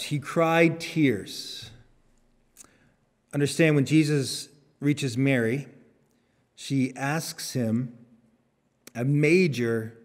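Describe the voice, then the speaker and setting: A male pastor preaching a sermon, earnest, lifting his voice for emphasis and dropping it low on solemn words. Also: darkish tone. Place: church sanctuary. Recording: long church reverb.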